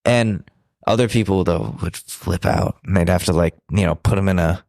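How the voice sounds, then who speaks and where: A man's voice: low-pitched, normal speed, gravelly, darkish tone, dry recording, clean studio sound. A young man co-hosting a podcast, telling a candid story in a blunt, profane, self-deprecating way. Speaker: podcast co-host.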